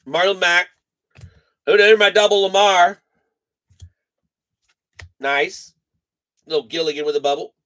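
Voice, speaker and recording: A man's voice: high voice, unhurried, pauses often, a bit bright. A man hosting a live card break stream, chatting casually, reading off names and teasing his viewers.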